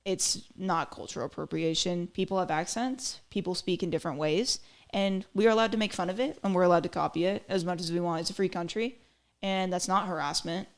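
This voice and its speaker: A woman's voice: on the low side, fairly quick. A woman hosting a podcast, giving chatty, opinionated commentary with lots of fillers. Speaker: podcast host. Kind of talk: casual commentary.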